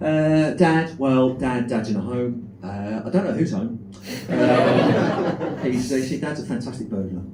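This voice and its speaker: A middle-aged man with a South London accent works through a stand-up set in a deadpan, self-deprecating way, with plenty of filler words. His voice sits at an ordinary pitch. The club sounds echoey, and the mic is a distance away with noise behind him. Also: unhurried, few pauses. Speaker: stand-up comedian. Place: comedy club stage with live audience. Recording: echoey room, mic far off, noisy.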